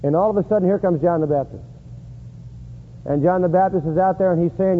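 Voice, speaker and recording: A man preaching a sermon in an emphatic style, rising high and loud to stress points. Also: a little fast, slightly rough. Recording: echoey hall on a tinny lo-fi line.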